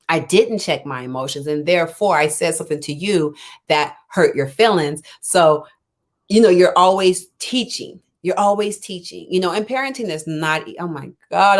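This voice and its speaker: A middle-aged woman coach speaks in a lowish, somewhat husky voice. She rambles casually through her points with fillers and restarts, and she acts out each side of the talks she recalls. She sounds unwell and keeps clearing her throat. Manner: acts out both sides of quoted conversations. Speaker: life coach hosting a live talk. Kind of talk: casual live-stream chat.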